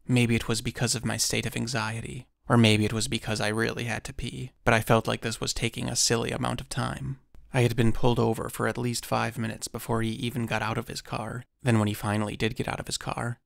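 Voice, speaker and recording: Flat-voiced man with a gravelly edge. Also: medium pitch, dry recording, studio quality. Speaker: narrator reading a listener's encounter story. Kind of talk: scripted first-person narration.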